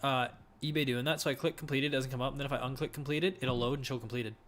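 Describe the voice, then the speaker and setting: A young man chatting casually on a live stream from his living room while listing items to resell, relaxed and often trailing off quietly. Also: medium pitch, quick pace, background noise.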